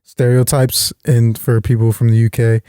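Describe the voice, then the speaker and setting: An easygoing man chatting as a podcast guest, laughing often and agreeing readily. His voice is mellow and relaxed, recorded dry. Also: mid-range voice, moderate pace, clear, resonant tone, no echo. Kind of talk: casual chat.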